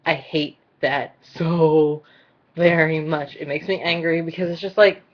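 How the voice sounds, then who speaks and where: A woman vlogger ranting in a casual, blunt and exasperated way, her voice mostly monotone. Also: low-pitched, measured pace. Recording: dull lo-fi recording.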